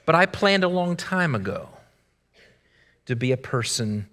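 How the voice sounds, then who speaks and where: A man preaching a sermon in a church, telling stories and swinging between loud emphasis and hushed, quiet lines. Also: medium pitch, big pitch swings, unhurried. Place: church sanctuary. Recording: echoey sanctuary reverb.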